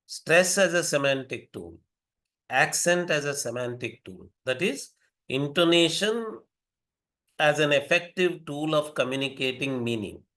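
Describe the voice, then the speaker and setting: A man giving an academic lecture, deliberate and repeating key phrases for emphasis. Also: on the high side, lively intonation, fairly bright tone.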